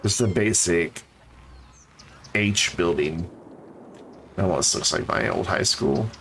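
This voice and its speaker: A man's voice: low-pitched, slow, creaky, a bit bright, slight background noise. A man streaming a game, chatting casually and rambling to his viewers. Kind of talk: casual live-stream chat.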